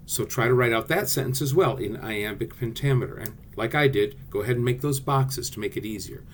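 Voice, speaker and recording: A man's voice: mid-range voice, animated, fairly quick, few pauses, slight background noise. A male theatre teacher giving a friendly class video lesson, explaining directly to his students.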